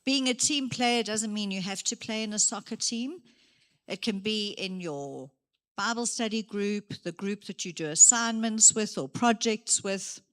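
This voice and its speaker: Woman, career day speaker, measured unhurried delivery, acts out examples. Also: medium pitch. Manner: lively, acts out examples, moves around while speaking. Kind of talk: motivational talk to young people. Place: church hall.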